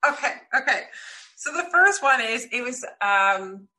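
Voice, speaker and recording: A woman guest in a casual interview, telling lively stories and acting out what people said. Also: a little high, a little slow. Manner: lively storyteller, acts out quotes. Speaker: podcast guest.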